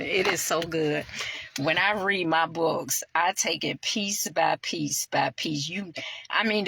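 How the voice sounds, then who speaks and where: A woman's voice: lowish voice, creaky. A woman hosting a faith ministry, giving heartfelt, conversational devotional teaching and reading aloud from her own book, with frequent "you know"s. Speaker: ministry host and preacher.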